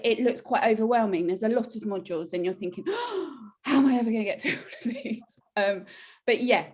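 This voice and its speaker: A chatty woman talks about becoming a coach in a relaxed interview. She keeps slipping into little quoted remarks and lifts her voice for them. Her voice sits at an ordinary middle pitch. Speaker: newly trained children's relaxation coach. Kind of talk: casual interview chat.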